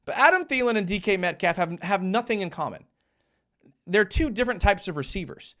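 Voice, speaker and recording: A young man hosting a live fan show, talking through game film in a loose, casual way. He gets fired up and rants, stumbling over restarts. His fairly high voice swings up and down a lot. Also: a little fast. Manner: animated, fired-up ranting with many restarts.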